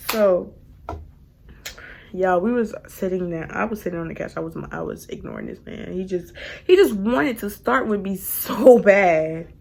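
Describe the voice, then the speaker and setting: Husky-voiced young woman telling a story. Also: medium pitch, moderate pace. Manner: animated, addresses viewers as "y'all", laughs mid-story. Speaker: vlogger. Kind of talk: casual storytime.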